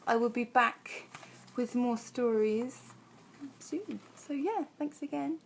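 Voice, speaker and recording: A woman's voice: a little high, takes it slowly, vocal fry, a little hiss or hum. A young adult woman vlogger telling a personal story in a chatty, rambling way, full of fillers. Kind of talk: casual storytelling.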